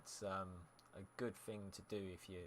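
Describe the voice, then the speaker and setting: A young man with a bright, slightly low-pitched voice. He chats easily with his viewers while commenting on the football game he is playing. A faint room ambience sits behind him. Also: flat delivery, moderate pace, a little hiss or hum. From United Kingdom. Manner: chatty, answers chat messages while narrating gameplay. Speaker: game streamer. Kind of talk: casual live-stream commentary.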